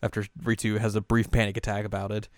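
A man with a low, smooth and resonant voice recaps a show in a loose, rambling way, correcting himself often. The sound is dry and close to the mic. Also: little pitch movement, fast talker, no echo. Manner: rambling, chuckling, self-correcting. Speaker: podcast host. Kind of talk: casual anime recap chat.

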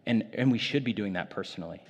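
A man's voice: fairly low pitch, quick pace, husky, in a large hall. A man preaching a sermon in a loose, conversational way, full of casual fillers, in a church. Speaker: pastor.

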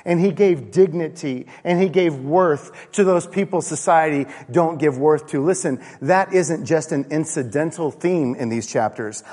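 A man's voice: fairly high pitch, darkish tone. A man preaching a conversational sermon with rhetorical questions and playful asides in a church. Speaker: pastor. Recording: long reverb of a large hall.

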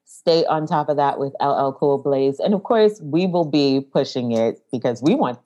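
A woman with a notably low voice co-hosting a casual podcast. She is upbeat and giggly, and she hands out practical advice in a lively, easygoing way. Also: normal speed, muffled recording. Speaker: podcast co-host. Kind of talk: casual chat.

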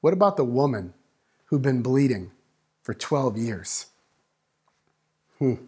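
Husky-voiced man preaching with big swings. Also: medium pitch, sing-song, takes it slowly. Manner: dynamic preaching, swings from loud to hushed. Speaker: pastor. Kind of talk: sermon.

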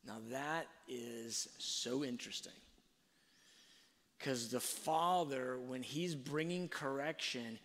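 A man giving a sermon-like talk on faith and parenting, telling stories slowly and reflectively, with fillers and restarts. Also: medium pitch, a bit bright. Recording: long hall reverb.

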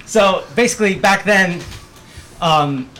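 A man telling stories as a guest in casual, profane, animated chat. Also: high-pitched, takes it slowly, faint music behind.

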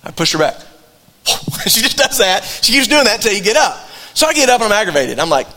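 A middle-aged male pastor delivers his sermon in a high, light voice. He tells it like a story, conversational and loose, often breaking off and restarting his sentences. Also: very animated, fast talker, pushed and bright.

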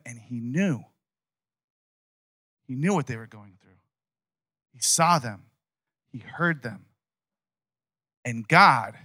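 A man's voice: mid-range voice, bright, forceful tone, no echo, clean studio sound. A man preaching a casual sermon as a pastor, retelling a Bible story in a conversational, emphatic way.

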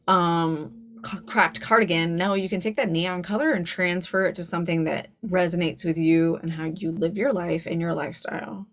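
Chatty woman in her forties. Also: fairly low pitch. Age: 40s. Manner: chatty, laughs often, storytelling. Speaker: guest style coach. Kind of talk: casual podcast interview.

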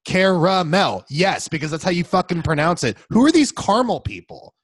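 A man's voice: high-pitched, sing-song, normal speed, husky, dry recording. Guy ranting and cursing on a podcast, voice jumps around a lot, dry close sound. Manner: profane, emphatic ranting. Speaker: podcast co-host. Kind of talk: casual chat.

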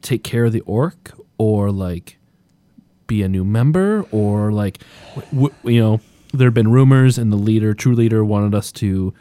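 Low-voiced man, hesitant tabletop player. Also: moderate pace, dark tone, dry recording. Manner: hesitant, restarts often. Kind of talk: casual tabletop game chat.

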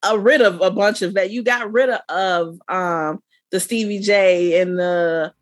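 A woman's voice: mid-range voice, fairly even intonation, a little slow, no echo, studio quality. Matter-of-fact woman on a podcast. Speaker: podcast co-host recapping a reality show. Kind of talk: casual chat.

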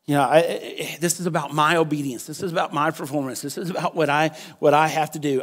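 A pastor delivering an impassioned sermon. He swings from hushed, quiet stretches to loud, emphatic peaks. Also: fairly high pitch, fairly even intonation, quick pace, few pauses. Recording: long hall reverb.

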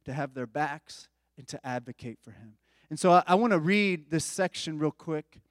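Male preacher, slightly high voice, relaxed conversational sermon, dry close recording. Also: no echo, long reverb tail. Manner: conversational, informal asides. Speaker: pastor.

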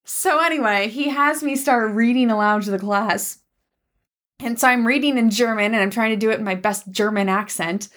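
A young adult woman co-hosting a casual podcast chat, an animated storyteller who laughs often. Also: on the high side, normal speed. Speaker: podcast co-host.

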